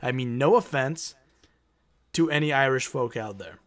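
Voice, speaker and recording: A man's voice: medium pitch, lively intonation, moderate pace. A man co-hosting a podcast who reads out a story in casual chat, joking and swearing and laughing often.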